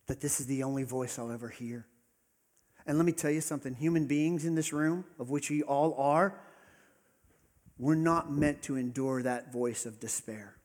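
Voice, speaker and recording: A man preaching a sermon as pastor, earnest, rising to emphatic peaks and dropping to soft asides. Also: medium pitch. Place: church hall with congregation. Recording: long reverb of a large hall.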